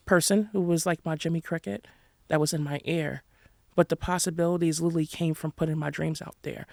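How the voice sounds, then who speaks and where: A New York City woman in her 30s, guesting on a podcast, tells her endurance-running story with animated frankness and frequent laughter. Her voice is fairly low and gravelly, captured in studio quality with no room sound.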